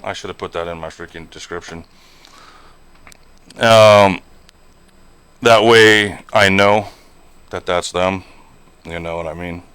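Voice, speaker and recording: A man's voice: low voice, fairly even intonation, slow pace, long pauses, fairly bright tone, clean tone, no echo. A man streaming a trucking game and chatting casually, rambling along with lots of fillers and "you know". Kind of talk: casual live-stream chat while gaming.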